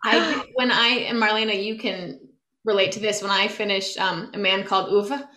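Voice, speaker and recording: A young woman co-hosting a podcast, telling stories in a lively chatty way and laughing often. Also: medium pitch, normal speed, echoey room. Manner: animated storytelling, laughs often. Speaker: podcast co-host. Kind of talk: casual chat.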